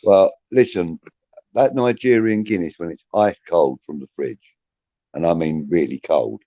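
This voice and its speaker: A man's voice: low-pitched, unhurried, mellow, no echo. Rambling storyteller man in his 50s, muffled. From southeast England. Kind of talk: casual chat. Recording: dry muffled lo-fi audio.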